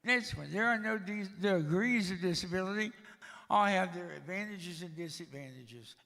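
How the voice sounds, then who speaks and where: Gravelly older man telling dry jokes. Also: high voice, moderate pace, sharp tone, in a large hall. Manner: dry, joking storyteller. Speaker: guest speaker. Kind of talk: storytelling talk to a church audience. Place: church.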